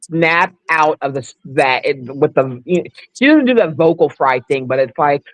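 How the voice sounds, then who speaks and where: A woman's voice: low-pitched, animated, moderate pace, dry recording, poor audio. A woman hosts a casual livestream, speaking frankly and rambling, often restarting her sentences. Her voice sounds close and dry, with little room sound around it. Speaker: livestream host. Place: abroad, away from home.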